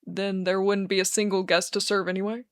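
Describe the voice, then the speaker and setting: A woman voicing a wry, skeptical young man who teases in a deadpan way in a read-aloud fan story. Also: medium pitch, brisk, no echo, lightly acted. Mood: tired. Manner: dry, wry, deadpan teasing.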